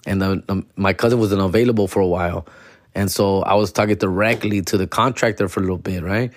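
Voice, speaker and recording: A man in his forties telling a story in casual chat, slangy and profane, slipping into Spanish and doing animated impressions of people. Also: sits low, quick pace, no room sound. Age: 40s.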